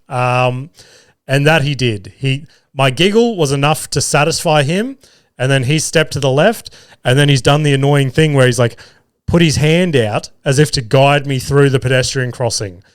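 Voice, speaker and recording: An Australian man in his thirties rambles through an everyday story on his podcast, swearing freely and joking at his own expense. His voice sits at an ordinary middle pitch and is recorded close and dry, with no room sound. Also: clean tone, dry recording. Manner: rambling, swears freely, self-deprecating humour. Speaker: podcast host. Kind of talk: casual storytelling monologue.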